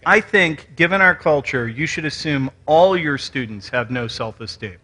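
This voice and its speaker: A man from West Virginia with Southern rhythm and Canadian-like vowels, giving an animated, joking conference talk with audience questions. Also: a little high, normal speed. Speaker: conference speaker. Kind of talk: lecture and audience Q and A.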